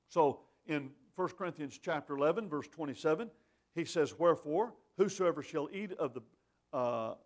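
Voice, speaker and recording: A man gives an earnest communion talk to a congregation. He speaks plainly, reads scripture aloud and repeats his points so they sink in. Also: fairly high pitch. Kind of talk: communion meditation.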